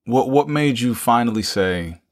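A man's voice: medium pitch, lively intonation, measured pace. A man hosting an interview, asking follow-up questions, recapping the guest's points and joking with him. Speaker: interview host. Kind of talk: conversational interview.

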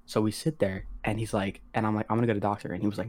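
A man's voice: on the low side, little pitch movement, racing, heavy background noise. A teenage boy telling a story on a podcast in a rambling, slangy way, full of "like" and swearing, acting out what others said. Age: teens. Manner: acts out quoted voices of others. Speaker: podcast co-host. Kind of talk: casual storytelling.

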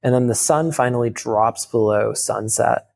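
A man in his thirties, an interview guest, telling a heartfelt personal story in a rapid, casual way full of fillers. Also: mid-range voice, creaky, darkish tone. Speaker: podcast guest.

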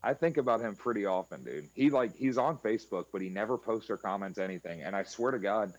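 A man's voice: lowish voice, expressive, fast talker, darkish tone, highs cut off. A man co-hosting a podcast, swearing freely and telling stories in casual chat. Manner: storytelling, imitates others with a raised voice; swears freely, laughs mid-story. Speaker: podcast co-host.

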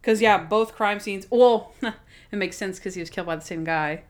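Woman, podcast co-host, casual chat, chatty and animated, lots of fillers. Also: medium pitch, moderate pace. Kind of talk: casual chat reviewing TV episodes.

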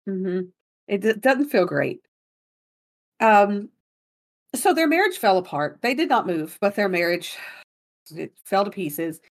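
A woman co-hosting a podcast tells a story casually and chattily, laughing often and apologizing for her pronunciation. Her mid-range voice is animated yet unhurried, with long pauses.

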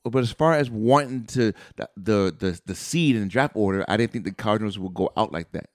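A man co-hosting a casual sports podcast, arguing his picks with quick stumbling restarts. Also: on the low side, animated, no echo, studio quality. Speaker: podcast co-host.

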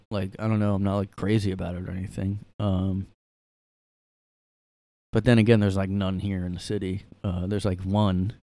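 A man's voice: fairly low pitch, darkish tone, smooth, no echo. A young man hosting a casual solo podcast from his room, rambling and sarcastic with lots of fillers. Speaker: podcast host.

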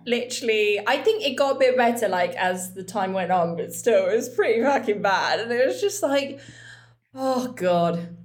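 A young woman chatting frankly as a podcast co-host, her voice sitting a little high and swinging widely in pitch. She laughs often and acts out what others said. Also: expressive, normal speed, a little hiss or hum. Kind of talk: frank casual chat.

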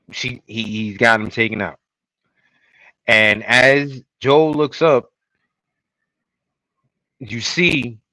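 A man co-hosting a casual podcast, retelling TV episode scenes in an animated way and acting out the lines. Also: mid-range voice, no echo, low-quality recording. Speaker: podcast co-host. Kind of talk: casual recap chat.

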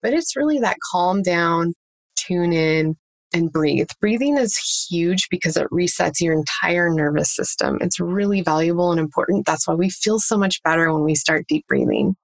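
A woman with a slightly low voice explains parenting techniques in an interview, practical and patient. She lays out each step with examples. The sound is dry and close, with no room around it. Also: big pitch swings, moderate pace, no echo. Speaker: parenting coach. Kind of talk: conversational interview answers.

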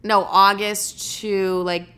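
A young woman talking straight to her viewers in an open, unpolished way. Her pitch sits in the middle of the range, and her speech is loose and full of fillers. She swears freely and plainly. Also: little pitch movement, slow pace, pushed and bright, smooth. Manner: casual, swears often, heavy use of "like". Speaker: vlogger. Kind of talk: candid personal storytelling to camera.

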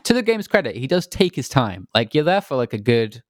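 A man's voice: mid-range voice, big pitch swings, a little fast, no room sound, clean studio sound. A man chatting casually about a video game, telling a rambling story and acting out quotes.

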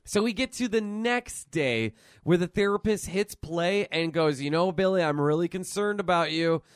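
A man with a high voice recaps a film on a casual comedy podcast. He jokes and swears, and his sentences trail off into fillers. The recording is dry and close. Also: normal speed, clean tone, dry recording. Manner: joking, profane, trails off with fillers.

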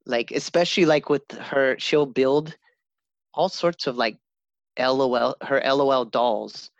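A man chatting casually about his kids, rambling and animated, often laughing and acting out his daughter's lines. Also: mid-range voice, a little slow, gravelly, no echo. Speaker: father, co-host. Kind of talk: casual podcast chat.

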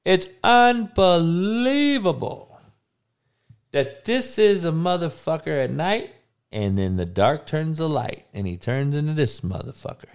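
A man's voice: on the high side, sing-song, unhurried, gravelly, smooth. A man in a crude, heated casual rant, swearing constantly.

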